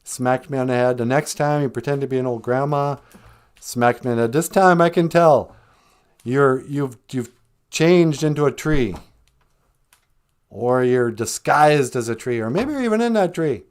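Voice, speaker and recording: A man voicing a male fox who calls himself a great hunter, pushy and quickly angered, in a spoken folk tale. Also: mid-range voice, clean tone, close to an everyday voice. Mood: suspicious. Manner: pushy, then angry and suspicious.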